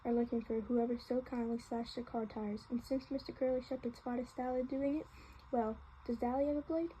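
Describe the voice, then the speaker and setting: A woman's voice: a little high, steady tone, a little fast, mellow, a little hiss or hum, lightly acted, rough recording. A woman voicing a cocky, wisecracking teenage boy from a street gang, in a joking, cheerful manner while reading a novel aloud.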